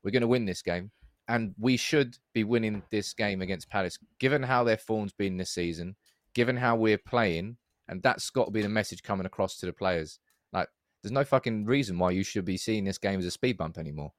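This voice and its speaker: A man's voice: fairly low pitch, brisk, no echo, clean studio sound. A man hosting a casual football podcast, leading the talk and swearing freely. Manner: animated, swears casually, leads the discussion. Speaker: podcast host.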